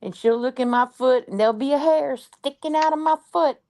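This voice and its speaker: A woman chatting casually with a friend and telling lively everyday anecdotes. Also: high voice, a little fast. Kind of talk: casual chat.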